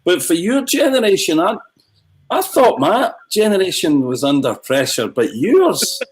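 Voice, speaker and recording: A man's voice: high-pitched, measured pace, a little hiss or hum, rough recording. Impassioned man mid-rant. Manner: impassioned ranting, animated. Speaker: filmmaker guest. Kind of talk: livestream Q&A.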